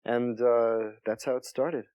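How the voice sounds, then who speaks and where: A soft-spoken male comedian telling stories in an interview, halting and restarting as he talks. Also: mid-range voice, steady tone, smooth, no room sound. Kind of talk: interview storytelling.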